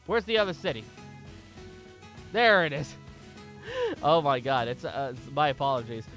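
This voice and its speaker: A man's voice: mid-range voice, sing-song, moderate pace, fairly bright tone, soft background music. A man casually commentating while he plays a video game, rambling and thinking aloud with frequent restarts. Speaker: gaming channel host.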